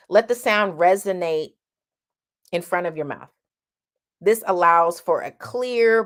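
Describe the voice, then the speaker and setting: A woman teaching a singing lesson, speaking directly and bluntly, and breaking off to sing drawn-out vowel sounds as demonstrations. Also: fairly low pitch. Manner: sings vowel demonstrations between explanations.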